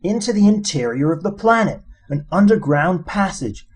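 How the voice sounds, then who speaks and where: A brash, swaggering alien adventurer, as a husky-voiced male narrator puts him on. He talks pushy and breezy, pitched up above the reader's own voice, and sometimes hurries. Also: animated, moderate pace, a little mellow.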